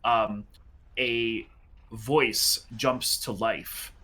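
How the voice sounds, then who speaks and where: Male game master, unhurried and bright, halting narration with fillers. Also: on the low side, fairly even intonation. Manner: halting, many ums.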